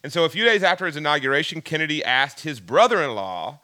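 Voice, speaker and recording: A Southern US man co-hosts a podcast in a casual, jokey way and works through history with plenty of ums. His voice is bright and forceful. The recording is dry and close, with no room sound. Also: fairly high pitch, sing-song, quick pace, no room sound. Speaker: podcast co-host.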